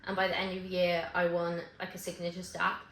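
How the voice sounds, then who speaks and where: A woman's voice: fairly low pitch, completely flat delivery, fairly bright tone. Chatty woman vlogging in an echoey room. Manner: chatty, rambling, self-correcting with quick asides. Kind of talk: casual chat to camera. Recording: echoey room with faint ambience.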